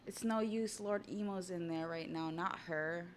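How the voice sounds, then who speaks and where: A woman's voice: on the low side, a little slow, slight background noise, natural voice. A woman reading out the lines of a scheming, cruel male villain from a manga, sneering and mocking. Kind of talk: reading manga aloud on stream.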